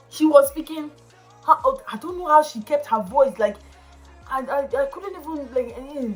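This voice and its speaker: A woman's voice: sits high, expressive, moderate pace, fairly bright tone, soft background music. A young woman from Nigeria with a Nigerian accent, ranting emphatically to camera in a casual vlog and slipping into Pidgin. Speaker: vlogger.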